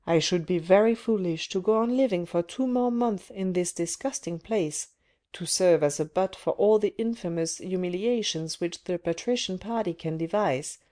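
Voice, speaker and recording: A woman's voice: lowish voice, moderate pace, mellow, natural voice. A woman reader voicing a proud, bitter young man brooding on his fate, in audiobook narration. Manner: inward, bitter musing.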